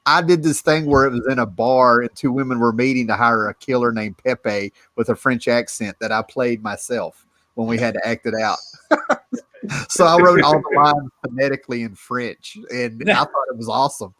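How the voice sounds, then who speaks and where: A man's voice: mid-range voice, moderate pace, fairly bright tone, dry recording. A man co-hosting a live show, chatting casually and telling stories while laughing through his lines.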